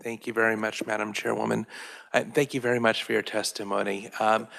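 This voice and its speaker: A man serving as a state legislator, putting courteous, measured questions to a witness. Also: on the low side, flat delivery, creaky, fairly bright tone. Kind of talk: formal questioning at a hearing. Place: large legislative hearing room. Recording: reverberant hearing room audio.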